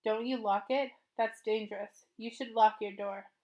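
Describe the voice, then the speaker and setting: A woman's voice: a little high, fairly even intonation, moderate pace, darkish tone, muffled recording, natural voice. A woman reading as a blunt, wary rooftop boy. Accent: occasional French words. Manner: blunt, curt and dismissive. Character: wary defiant boy who climbs rooftops.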